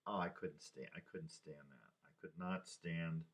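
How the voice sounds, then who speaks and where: A man in his sixties talking through personal memories in a rambling, halting way, with sighs and restarts. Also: low voice, fairly bright tone. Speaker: vlogger. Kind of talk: casual personal monologue.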